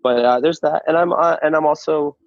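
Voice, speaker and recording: A man's voice: fairly high pitch, a little fast, dry recording. A man, a stand-up comedian guest, chatting casually in an interview, stammering and restarting often and swearing freely. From Saudi Arabia then the U.S. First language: Arabic. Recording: dull, lo-fi sound.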